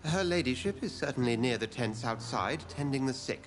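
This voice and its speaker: An actor playing a polite, genteel hospital director who speaks in a courtly way. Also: male voice, mid-range voice, brisk, close to an everyday voice. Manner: polite, courtly, animated speech. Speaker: game character. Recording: game audio with music behind.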